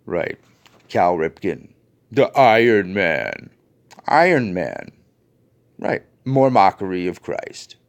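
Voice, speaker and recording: An angry man rants to his viewers, swearing and sneering with heavy sarcasm. He talks at an unhurried, drawn-out pace. His pitch swings widely from low mutters to sharp, high jabs. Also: very animated. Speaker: video host. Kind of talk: ranting commentary to viewers.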